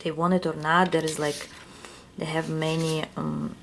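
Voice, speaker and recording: A woman's voice: low voice, flat delivery, normal speed, gravelly, slight background noise. A woman with a non-native English accent gives a casual tarot reading, musing aloud and searching for words. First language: not English. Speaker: tarot reader.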